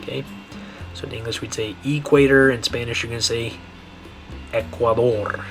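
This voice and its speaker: Man, Spanish teacher, pronunciation lesson, slow repeated examples, medium pitch, faint background music. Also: fairly even intonation. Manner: slow, repetitive modeling of words with frequent checks.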